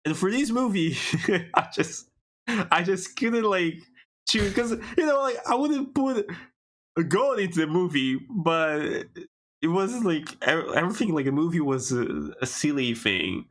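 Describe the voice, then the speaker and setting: Bright-voiced animated man co-hosting a podcast. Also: sits high, unhurried. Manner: animated, restarts often, laughs easily. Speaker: podcast co-host. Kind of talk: casual chat.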